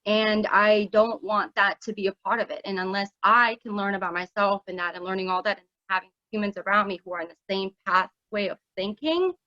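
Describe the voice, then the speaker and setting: A woman's voice: mid-range voice, bright, forceful tone, no echo. A woman founder speaking in a casual conversation, earnest and reflective, restarting her sentences. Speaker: project founder. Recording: dull, dry recording.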